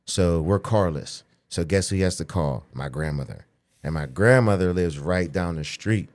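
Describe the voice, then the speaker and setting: A man in his forties, from the Pittsburgh area, telling a profane childhood story as a podcast guest, animated and acting out the voices of people he quotes. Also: low-pitched, normal speed. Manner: profane, animated, acts out quoted voices, frequent "you know what I'm saying". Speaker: podcast guest, pro bodybuilder. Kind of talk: casual storytelling in a podcast interview.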